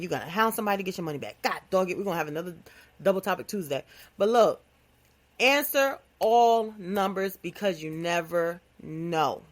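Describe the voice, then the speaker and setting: A woman hosting her own podcast, talking in a playful, animated, casual comedic monologue with phrasing. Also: fairly low pitch. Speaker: podcast host.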